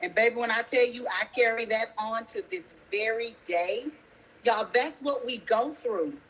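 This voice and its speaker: A single mother and teacher telling a story in a sassy, animated way, talking straight to her listeners. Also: fairly high pitch, a little slow, faint music behind, poor audio. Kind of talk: casual storytelling.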